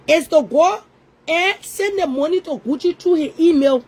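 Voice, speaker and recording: High-voiced scolding woman. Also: normal speed, darkish tone, poor audio. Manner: scolding, repetitive, confrontational. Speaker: online commentator. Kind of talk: ranting social media commentary.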